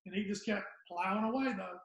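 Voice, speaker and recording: Older guy, gravelly and high, rambling stories, echoey room. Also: brisk. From Southern United States. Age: 60s. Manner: rambling storyteller, trails off. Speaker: guest comedian. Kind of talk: casual podcast chat.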